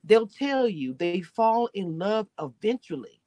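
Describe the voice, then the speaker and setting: Animated woman from Louisiana, dry sound. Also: medium pitch, a little slow, dry recording. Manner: animated, emphatic, talks over others. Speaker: co-host. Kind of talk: casual live-stream recap chat.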